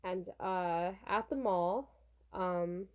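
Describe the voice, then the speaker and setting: A woman's voice: on the low side, very slow, narrow, tinny audio. A young woman casually reviewing a manga from her college dorm room, chatty and rambling. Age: young adult. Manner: chatty and rambling, with restarts and fillers.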